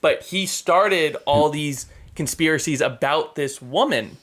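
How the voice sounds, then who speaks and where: A man's voice: fairly high pitch, unhurried, fairly bright tone. A man hosting a casual podcast chat, telling stories in an eager, rambling way. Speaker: podcast host.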